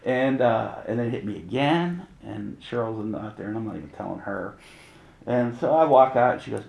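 A middle-aged male pastor with a gravelly voice that swings widely up and down as he preaches. His storytelling is candid and animated, with chuckles. The sound is roomy and echoing. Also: medium pitch, moderate pace. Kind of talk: sermon with personal testimony.

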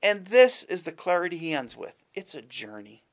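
A man's voice: high voice, very animated, moderate pace. A man preaching a sermon in an earnest, conversational way, with folksy asides. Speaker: pastor.

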